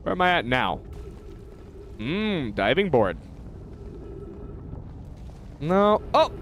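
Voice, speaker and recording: American male streamer, high-ish lively voice, excitable and profane, chatting with viewers mid-game. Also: drawn-out words, slight background noise. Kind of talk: live gameplay commentary.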